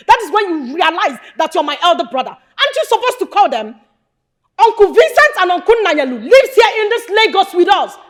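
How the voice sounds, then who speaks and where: Young nigerian woman as an angry daughter scolding her family, very high voice, sharp and indignant, film drama. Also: heavily acted.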